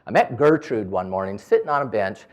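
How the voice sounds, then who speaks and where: A man's voice: fairly low pitch, fairly quick. A man giving a storytelling talk as a business owner, acting out the dialogue in different voices. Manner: animated, acts out dialogue in quoted voices. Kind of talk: storytelling speech.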